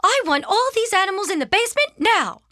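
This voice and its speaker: Firm caring storybook mom as a woman reads her, high, bright, slow, dry. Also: big pitch swings, no echo, full character voice.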